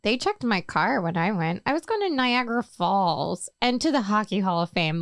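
A woman's voice: mid-range voice, animated, moderate pace, no echo, studio quality. Laughing chatty New Jersey woman. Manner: chatty storyteller, laughs often. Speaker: podcast co-host. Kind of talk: casual chat.

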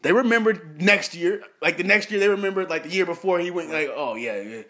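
A man co-hosting a casual sports talk show, animated and mocking, full of slang. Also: sits high, fast. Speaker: podcast co-host.

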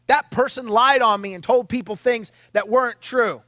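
A man preaching a conversational sermon podcast as a pastor, animated and chatty, with wry asides and quoted voices. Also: extremely high pitch, normal speed, no echo.

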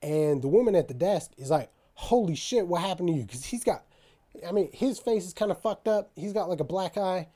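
A man's voice: high voice, normal speed. A young man telling a rambling, profane story in casual chat, acting out the other people's lines. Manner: profane, animated storytelling with quoted dialogue.

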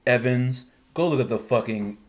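A man's voice: mid-range voice, normal speed. Ranting male podcast host. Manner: animated, rising to exasperated rants. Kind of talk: casual podcast chat.

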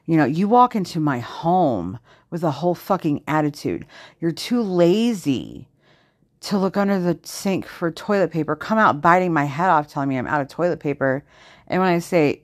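A low-pitched woman rants into a dry, close microphone on her solo podcast. She swears constantly and swings between tired sighs and sharp sarcastic jabs. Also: expressive, no echo. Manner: profane, fast-shifting, venting with heavy swearing. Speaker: podcast host. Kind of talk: unedited solo podcast rant.

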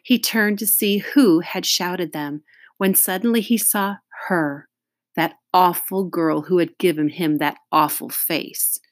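A woman reading a children's chapter book aloud in a steady storytelling manner, with friendly asides. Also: lowish voice, slow, no room sound, clean studio sound. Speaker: reader.

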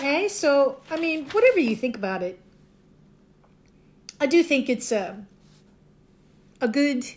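A woman from the Ozarks, chatting casually in a digressive monologue and correcting herself as she goes. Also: fairly high pitch. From Southwest Missouri, Ozarks. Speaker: folklore podcaster.

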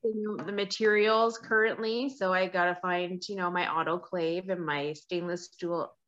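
A woman from Alberta, a nurse guest, answering casually and reading an encouraging note slowly. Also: on the low side, steady tone, a bit bright. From Canada, Alberta. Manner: laughs easily, reads aloud slowly. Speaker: guest, nurse starting a foot care business. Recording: dull lo-fi sound.

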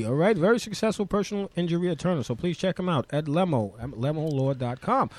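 A male talk-show host with a high voice that swings widely as he talks. He sounds excitable and laughs often, whether he is chatting or reading sponsor plugs. His delivery is casual and full of energy. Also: fast, hardly any pauses, dry recording.

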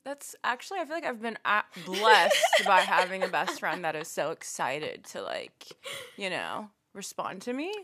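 Young American woman, podcast co-host; animated casual chat, crisp bright voice. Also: mid-range voice, normal speed. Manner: animated, laughing, lots of "like" and "you know".

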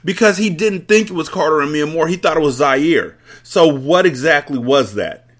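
A man's voice: fairly high pitch, normal speed, a bit bright. A man hosting a book club podcast, reading a novel aloud and breaking in with wry, joking asides. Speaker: host, book reader. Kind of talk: audiobook-style reading with commentary.

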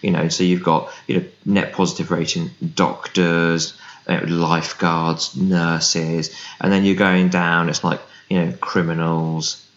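A man's voice: low voice, unhurried. A man, a business founder, chatting casually as an interview guest and acting out what people said to him. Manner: animated storyteller, acts out quoted voices. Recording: roomy, dull remote recording.

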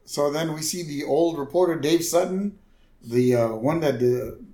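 A man's voice: fairly high pitch, normal speed, roomy sound. A man co-hosting a podcast, casually retelling a cartoon episode with frequent laughter. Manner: laughs often, lively retelling. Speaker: podcast co-host. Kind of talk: casual chat recapping an episode.

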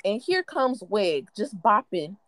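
A young woman co-hosting a podcast, telling gossip stories in casual chat and mimicking the people in them. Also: slow pace. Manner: animated gossiping, mimics others in high and low voices. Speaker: podcast co-host.

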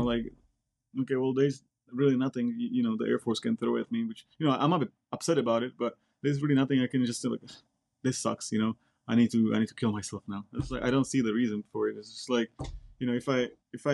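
A man's voice: medium pitch, steady tone, a little fast, gravelly, darkish tone. A man from the Republic, speaking bluntly and directly as an interview guest, often repeating words as he talks. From Czech Republic. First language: Czech. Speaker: guest, Air Force member. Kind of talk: casual interview chat.

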